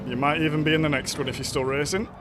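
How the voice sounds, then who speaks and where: A man's voice: on the high side, steady tone, rapid-fire, noisy background. A man casually commenting on a racing game live stream, chatting with viewers and greeting them by name.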